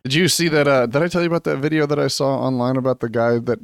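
A man co-hosting a casual talk show who tells stories in an animated way and leans heavily on "like". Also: mid-range voice, quick pace, creaky, smooth, dry recording, studio quality. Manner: animated storyteller, heavy use of "like". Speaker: podcast co-host. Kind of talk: casual chat.

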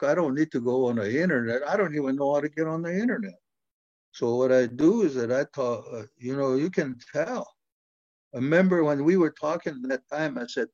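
A man's voice: mid-range voice, a little mellow, dry recording. Older American man, interviewee, blunt and rambling with restarts; dry, slightly muffled recording. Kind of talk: casual talk.

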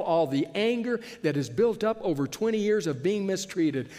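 Male preacher, lively storyteller, voice a touch high, echoing sanctuary sound. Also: normal speed. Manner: animated, acts out the characters he describes. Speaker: pastor. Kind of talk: sermon. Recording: long hall reverb.

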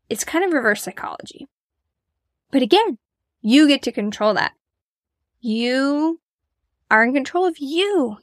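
A woman with a fairly high voice talks to her listeners in a casual, chatty monologue. She is encouraging and pokes fun at herself as she motivates them. The sound is dry and close. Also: no room sound. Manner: encouraging, chatty, self-deprecating. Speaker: podcast host.

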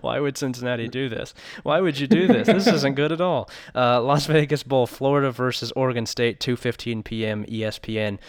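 A man's voice: mid-range voice, a little fast, hardly any pauses, clean tone, dry recording, studio quality. A man co-hosting a sports podcast, chatting casually and joking, with many restarts. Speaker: podcast co-host.

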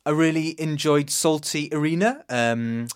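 A man's voice: fairly high pitch, measured pace, smooth. A man, co-hosting a podcast and enthusiastically recapping shows in informal, filler-heavy chat. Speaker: podcast co-host. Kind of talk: casual podcast chat and review.

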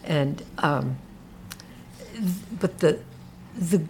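Low-voiced woman chatting about a book, lots of stops and restarts. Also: animated, darkish tone, slight background noise. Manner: halting, many restarts and fillers. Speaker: podcast co-host discussing a book. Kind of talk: casual chat.

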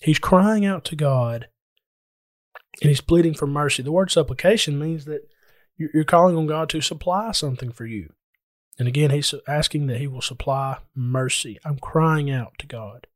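A man's voice: a little high, moderate pace, no room sound, clean studio sound. A man preaching a sermon in an earnest, explanatory way, speaking directly to his listeners.

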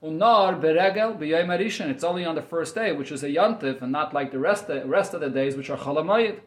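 Male teacher, high voice, reads then explains line by line; roomy echo. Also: fairly quick. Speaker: Torah teacher. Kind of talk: text study class, reading Yiddish and explaining in English.

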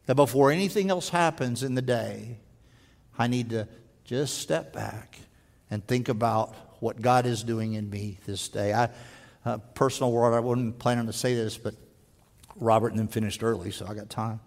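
A man preaching a sermon in earnest, stumbling over restarts and dropping to a slow, quiet voice for emphasis. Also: medium pitch, fairly even intonation, creaky. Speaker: pastor. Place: church sanctuary. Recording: long hall reverb.

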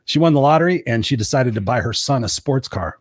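A man in his thirties co-hosting a casual podcast, energetic and playful, repeating words for emphasis. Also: medium pitch, fast, no room sound, studio quality. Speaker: co-host.

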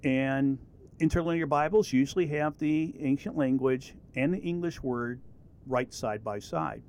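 A middle-aged man giving a relaxed, rambling Bible lesson with many fillers and restarts. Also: mid-range voice, unhurried, slight background noise. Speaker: Bible teacher. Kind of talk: casual recorded lesson.

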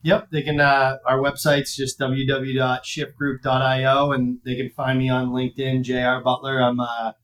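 A man's voice: medium pitch, completely flat delivery, moderate pace, hardly any pauses, a bit bright, poor audio. A man from the Boston area talking as a podcast guest, blunt and intense in manner. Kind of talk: casual interview chat.

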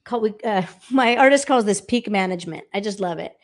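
A woman vocal coach, a guest in a casual interview, explaining with animated talk and quick sung examples. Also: mid-range voice. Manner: animated, demonstrates by singing snippets.

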